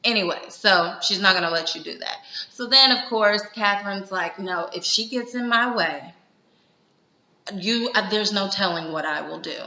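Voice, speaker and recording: A woman's voice: medium pitch, normal speed, bright, forceful tone. A woman casually recapping a TV drama episode, retelling scenes with quoted lines and plenty of ums. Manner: retelling scenes in quoted dialogue, many fillers. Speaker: TV show recapper. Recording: roomy, dull lo-fi sound.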